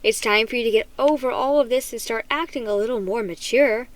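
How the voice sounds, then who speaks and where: A woman's voice: on the high side, fairly quick, natural voice. A woman voicing a firm, scolding mother in a storybook reading. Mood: stern, upset. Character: stern, weary mother of a young boy.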